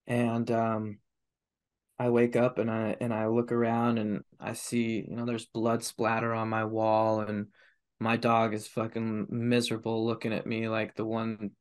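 A man in his thirties telling his personal story as a podcast guest, candid and confessional, swearing heavily. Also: lowish voice. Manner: heavy swearing, raw and confessional.

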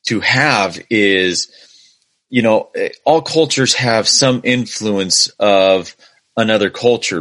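Lowish-voiced man explaining thoughtfully. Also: a bit bright. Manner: thoughtful, with repeated "you know" fillers and restarts. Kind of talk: casual explanation.

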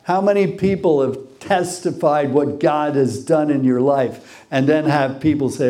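A man's voice: on the high side, measured pace, hardly any pauses, mellow. A man preaching a sermon, who reads scripture aloud, repeats phrases for emphasis and asks the congregation questions.

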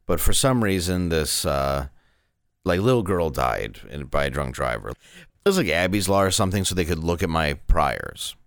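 A man's voice: sits low, animated, moderate pace, smooth, dry recording, clean studio sound. A man in his thirties, a stand-up comedian, telling candid, rambling stories in a casual interview.

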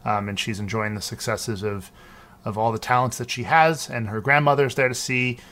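A man's voice: mid-range voice, steady tone, normal speed, a bit bright. Rambling man recapping a film. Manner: rambling, lots of ums and restarts. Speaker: podcast co-host. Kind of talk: casual film recap chat.

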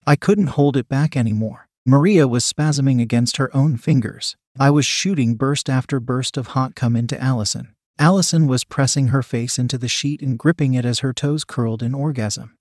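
A man reading a first-person story aloud as narrator, in a steady, matter-of-fact way. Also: mid-range voice, moderate pace, hardly any pauses, no room sound, clean studio sound.

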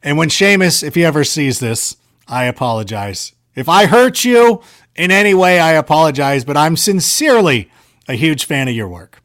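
A man casually telling stories on a podcast, animated and self-deprecating, filling his talk with "like" and "you know". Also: a little high, normal speed. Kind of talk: casual storytelling chat.

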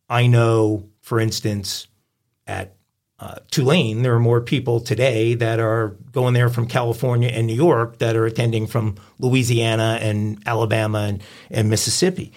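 A man from the Northeastern US co-hosting a casual podcast discussion, giving opinions at length with frequent pauses and fillers. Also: medium pitch, a little mellow. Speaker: podcast co-host.

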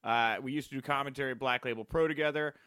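A man's voice: mid-range voice, steady tone, fast talker, sharp tone, clean tone, no room sound, clean studio sound. A young man hosting a wrestling talk podcast, playful and joking in casual chat with his co-host. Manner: playful and jokey, sings his greeting.

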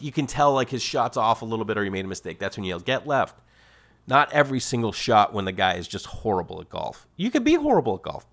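A middle-aged man, hosting a podcast in a comedic, casual monologue that jumps into exaggerated voices. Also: medium pitch. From Massachusetts. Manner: animated storytelling with exaggerated quoted voices. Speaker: podcast host.

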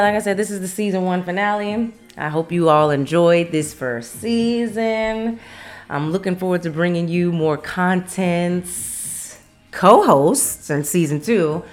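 A woman's voice: lowish voice, measured pace. A woman in her thirties from Las Vegas hosting her own podcast, chatting casually with rambling asides and frequent laughter. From Las Vegas, Nevada. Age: 30s. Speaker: podcast host. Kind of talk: casual solo podcast chat. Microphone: studio mic on camera.

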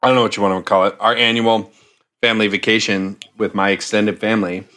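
A man in his forties co-hosting a casual podcast, easygoing and quick to laugh. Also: on the low side, fairly even intonation, pushed and bright. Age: 40s. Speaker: podcast co-host. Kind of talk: casual chat.

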